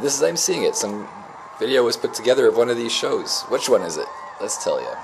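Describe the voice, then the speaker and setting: Lively low-voiced man telling a story. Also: a little hiss or hum. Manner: emotional, reflective, spiritual musings. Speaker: vlogger. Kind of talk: rambling personal storytelling.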